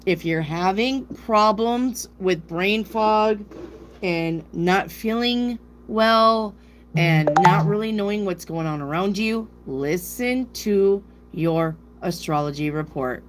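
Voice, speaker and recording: A tarot reader from South Dakota with a northern US accent takes her time, speaking in a medium-pitched voice with background noise present. She chats and rambles on a live stream, reading viewers' questions out loud.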